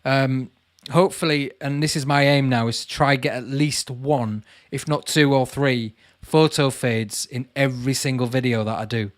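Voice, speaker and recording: A man with a medium-pitched, fairly even voice hosts a casual livestream at a moderate pace. He chattily reads viewers' comments aloud, calls them "mate," and answers the live chat, recorded at studio quality with no echo.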